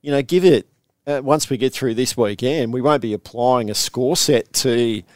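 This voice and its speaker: A man's voice: mid-range voice, normal speed, a little mellow, dry recording, clean studio sound. An Australian man hosting a casual sports podcast, chatty and rambling, often restarting his sentences. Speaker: podcast host. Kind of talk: casual chat.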